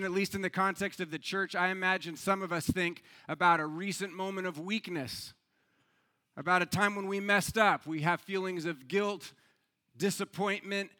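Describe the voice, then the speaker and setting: A man preaching a sermon as pastor, telling a joke story with rising energy and talking conversationally with some stumbles and repeats. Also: high voice. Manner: lively storyteller, builds to loud excitement in anecdotes.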